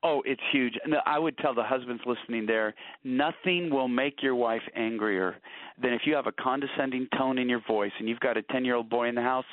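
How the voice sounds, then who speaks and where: A man's voice: medium pitch, fairly quick, dry recording. A middle-aged man telling earnest, anecdotal stories about marriage, often repeating words at the start of a thought. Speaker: guest author on marriage. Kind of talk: conversational storytelling. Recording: dry, tinny phone-like radio audio.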